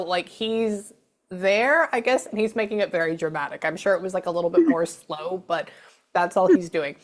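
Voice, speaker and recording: A young woman giving a mediumship reading, chatty and casual, often dropping to a whisper before speaking up again. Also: medium pitch. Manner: chatty, often drops to a whisper to listen, then speaks up brightly. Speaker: spiritual medium.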